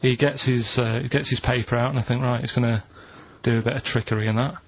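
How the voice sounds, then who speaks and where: A man's voice: mid-range voice, fairly even intonation, quick pace, dull audio. A man on a radio show, telling stories in a rambling, hesitant way during a casual chat. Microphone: studio microphone.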